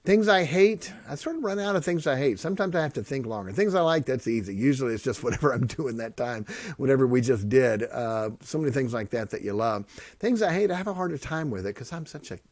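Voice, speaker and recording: A man's voice: mid-range voice, lively intonation, fast talker, no echo. Joking man on a dry mic. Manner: joking, sarcastic, swings from loud bits to soft earnest talk. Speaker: podcast host and pastor. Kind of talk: casual podcast monologue.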